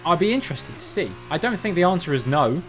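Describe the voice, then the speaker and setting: A game streamer from Cornwall, England, with a general Southern English accent, chats casually on a livestream, musing aloud and often restarting his sentences. His voice is high and sing-song, and he speaks fast over slight background noise.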